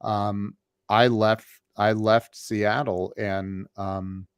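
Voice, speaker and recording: A man's voice: fairly low pitch, little pitch movement, drawn-out words, smooth, dry recording, clean studio sound. A man from the United States, a guest on a remote call, telling a personal story with many restarts and fillers. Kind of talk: storytelling in an interview.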